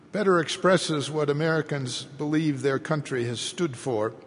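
A man giving a measured history lecture, rising in emphasis as he reads out quotations. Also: medium pitch, big-room sound. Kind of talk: lecture delivered to an audience.

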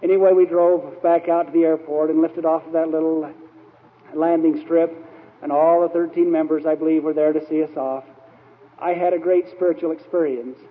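A man's voice: on the high side, flat delivery, moderate pace. A man telling stories in a sermon, rambling and anecdotal with frequent fillers. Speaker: church speaker. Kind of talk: storytelling sermon. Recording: tinny, echoey old hall recording.

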